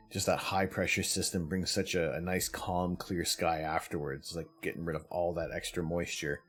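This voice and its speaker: A man's voice: low-pitched, slightly rough. A man hosting a live stream, chatting casually with viewers, greeting them by name and laughing often. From Canada. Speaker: livestream host.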